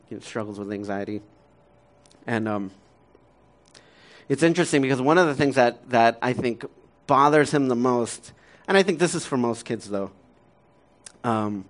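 A man in his thirties preaching a conversational sermon as a pastor, casual and full of fillers, often laughing, moving between soft, quiet stretches and lively ones. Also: medium pitch.

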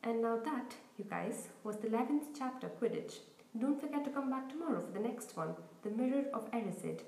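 Woman narrator for a reading podcast, fairly high, dark mellow tone, echoey room. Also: a little fast, creaky. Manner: steady storytelling reading. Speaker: audiobook podcast host. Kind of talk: audiobook narration.

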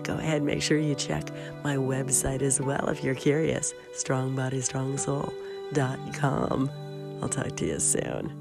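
A woman's voice: rumbling low, unhurried, creaky, over loud music. A woman hosting her own podcast, speaking in a chatty, affectionate monologue while she is sick. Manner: warm-hearted, chatty, laughs easily. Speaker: podcast host.

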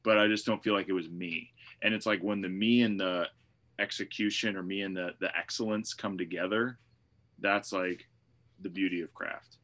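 A man's voice: low-pitched, steady tone, normal speed, a bit bright. A man who is a pastor, co-hosting a casual podcast and thinking aloud in a reflective way, with many fillers.

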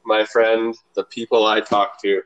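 A man's voice: on the low side, flat delivery, measured pace, clear, resonant tone, lo-fi sound. Profane rambling man chatting. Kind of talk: casual chat.

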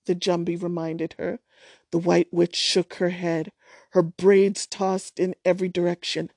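A woman reading a novel aloud chapter by chapter in a calm, measured way. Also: on the low side, dry recording, clean studio sound. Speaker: storyteller.

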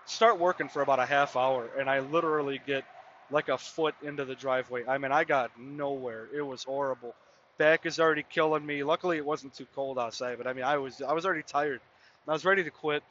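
A man's voice: medium pitch, fairly even intonation, fairly quick, fairly bright tone, dull audio, slight background noise. A man in his mid-twenties hosting a podcast, telling a casual, rambling story full of "I mean" and "you know". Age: mid-20s. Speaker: podcast host.

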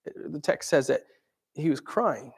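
Preaching man, slightly higher voice. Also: lively intonation, slow pace, vocal fry, husky. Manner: conversational, asks the listeners questions. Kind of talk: sermon.

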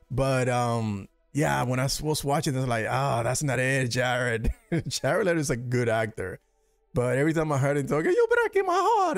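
A man's voice: medium pitch, darkish tone, no echo. A man hosting a casual, profane, rambling commentary show about movie news and trailers. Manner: profane, rambling, laughs often. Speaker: host.

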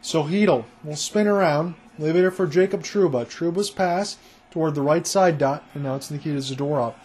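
A man doing solo play-by-play hockey commentary for an online broadcast, a rapid running call that jumps up on big plays. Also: fairly high pitch, a little mellow, slightly rough.

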